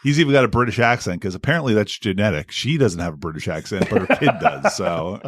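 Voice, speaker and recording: A man's voice: lowish voice, expressive, fast, fairly bright tone, dry recording. A man co-hosting a podcast, chatting casually about TV and joking over the others. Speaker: podcast co-host. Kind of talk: casual chat.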